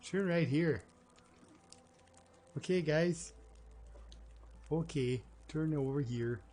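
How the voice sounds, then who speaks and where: A man's voice: fairly high pitch, takes it slowly, warm tone. A man with a Canadian accent giving chatty, rambling gameplay commentary as a streamer, talking to his chat and to himself.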